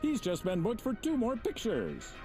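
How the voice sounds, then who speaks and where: Man voicing a newsreel announcer, punchy, promotional, wildly swooping, fairly high. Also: wildly swooping pitch, moderate pace, dark tone, faint music behind, full character voice.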